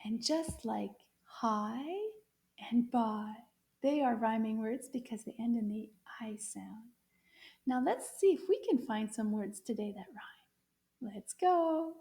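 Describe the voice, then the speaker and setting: A woman teaching a children's lesson, speaking slowly in a sing-song voice to young viewers. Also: on the high side, creaky, warm tone. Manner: slow, sing-song teacher voice, drawn-out questions.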